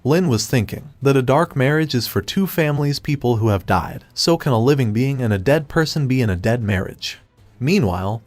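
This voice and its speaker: A man's voice: mid-range voice, dry recording. Man reading a dry comic recap. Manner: steady, even storytelling read. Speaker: narrator. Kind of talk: scripted comic recap narration.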